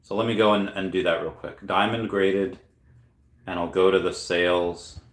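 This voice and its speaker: A man with a lowish voice talks casually on a livestream, drifting between thoughts and stopping to correct himself. The room around him is noticeably echoey. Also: steady tone, normal speed. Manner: rambling, self-correcting, thinking aloud. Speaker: channel host answering chat questions. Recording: roomy echo.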